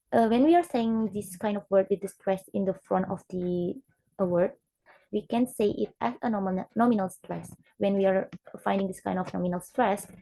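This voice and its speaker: Gravelly young woman. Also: mid-range voice, warm tone, rough recording. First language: Indonesian. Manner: halting, repeats example words aloud. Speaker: student presenter. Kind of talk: recorded class presentation.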